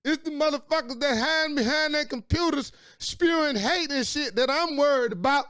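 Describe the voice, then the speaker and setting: A man's voice: very high voice, moderate pace, pushed and bright, no room sound, clean studio sound. A man in his late forties hosting his own talk show, delivering an angry, profane, preachy monologue. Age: late 40s. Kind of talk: impassioned monologue.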